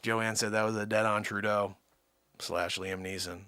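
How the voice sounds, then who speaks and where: A man's voice: on the low side, steady tone, normal speed, bright, forceful tone, dry recording. A man hosting a live stream, talking in a rambling, sarcastic, jokey way. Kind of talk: casual live-stream banter.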